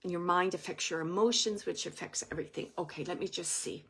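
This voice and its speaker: A woman reading oracle cards as a medium, speaking gently and reassuringly, thinking aloud with many fillers and pauses. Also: lowish voice, breathy edge. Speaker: oracle card reader and medium. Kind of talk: intuitive card reading for a viewer.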